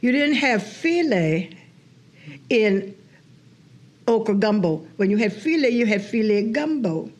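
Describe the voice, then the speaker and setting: A New woman with a fairly high voice that swoops up and down as she talks. She tells animated stories and acts out what people said to her, laughing often between lines. Her comes through in a relaxed, chatty interview. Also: a little slow, long pauses. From New Orleans, USA. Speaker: guest historian. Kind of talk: casual interview chat.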